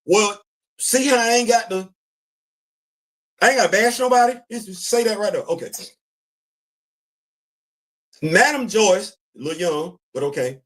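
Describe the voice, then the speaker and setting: A man's voice: high-pitched, normal speed, fairly bright tone. A man hosting a casual commentary show, talking bluntly and emphatically, repeating his points. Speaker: podcast host.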